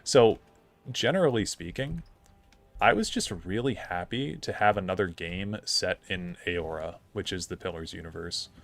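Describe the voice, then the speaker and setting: A man's voice: low-pitched, normal speed, creaky. A young man streaming a game, chatting casually in a rambling, opinionated way full of fillers. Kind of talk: casual gameplay commentary.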